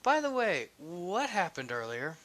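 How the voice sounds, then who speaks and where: A man's voice: sits high, sing-song, measured pace, fairly bright tone, pitched above the performer's own voice, heavily acted. A man voicing a playful, coy young goddess in a fan-made audio story, speaking in a fond, teasing way. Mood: curious.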